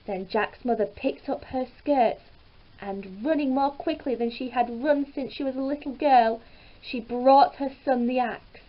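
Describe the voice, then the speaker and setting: Woman storybook narrator, slow and careful, fairly high voice, lo-fi recording. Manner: slow, careful read-aloud delivery.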